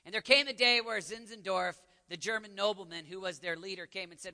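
Casting: Texan male pastor, very high bright voice, impassioned sermon in a big reverberant church. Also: brisk, few pauses. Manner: impassioned, swings from hushed to shouting. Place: large echoing church hall. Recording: long hall reverb.

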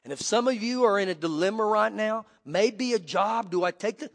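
Middle-aged male preacher, high voice, dramatic sermon storytelling, church hall echo. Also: normal speed, gravelly. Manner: dramatic storytelling, swings from hushed to loud. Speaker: pastor. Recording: long hall reverb.

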